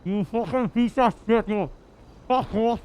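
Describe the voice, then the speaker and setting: A man's voice: high voice, a little slow, darkish tone, a little hiss or hum. A man voicing an aggressive, foul-mouthed Welsh street tough, his voice muffled by a cloth wrapped over his mouth. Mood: menacing. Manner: threatening, swearing constantly.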